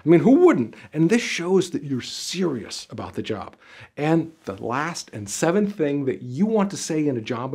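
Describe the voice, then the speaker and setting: Energetic male interview coach, speaks straight to camera, emphatic, chatty, medium pitch. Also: normal speed, breathy edge. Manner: animated, emphatic, gestures with arms and body; conversational, many "you know" fillers. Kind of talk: direct-to-camera advice video.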